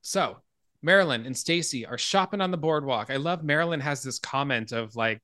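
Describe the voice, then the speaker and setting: A man hosting a podcast in casual chat, retelling a film scene in an animated way and laughing along. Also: on the high side, normal speed, no echo. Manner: animated storyteller, laughs and swears freely. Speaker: podcast host.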